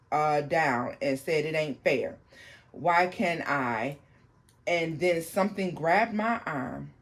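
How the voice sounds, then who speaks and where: A host reads out a viewer's paranormal account in a halting way, often restarting sentences and breaking off to explain them to the audience. The voice sits at a middle pitch. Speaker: tarot channel host. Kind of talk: reading a viewer's paranormal story aloud.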